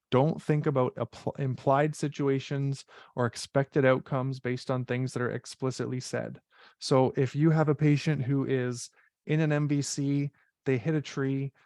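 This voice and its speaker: A male instructor coaching students through exam strategies on a video call, direct and practical, often tossing in "right?" to check they follow. His voice sits at an ordinary middle pitch. The sound is dry, with almost no room echo. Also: a little mellow. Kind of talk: online info session teaching.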